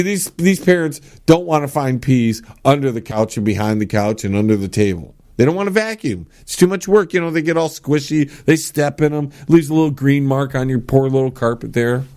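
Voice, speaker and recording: A man hosting his own talk podcast, giving blunt, sarcastic opinions and mock-shouting the lines he quotes. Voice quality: animated with big pitch swings. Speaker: podcast host. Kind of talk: solo opinion talk show.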